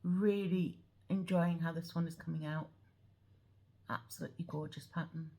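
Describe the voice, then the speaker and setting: Chatty low-voiced woman vlogger. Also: steady tone, moderate pace, dark tone. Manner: chatty, rambling, many ums. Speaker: cross-stitch vlogger. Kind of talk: casual show-and-tell chat. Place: at home.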